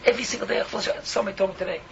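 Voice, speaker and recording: A man's voice: sits high, very fast, muffled recording, slight background noise. A man preaching an impassioned sermon, pleading and fiery, weaving Yiddish and Hebrew words into his English.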